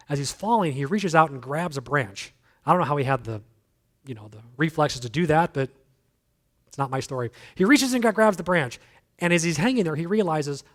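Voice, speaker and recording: A male guest speaker giving a sermon in a conversational, emphatic way, with self-deprecating humor. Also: on the high side. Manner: emphatic, repeats key phrases.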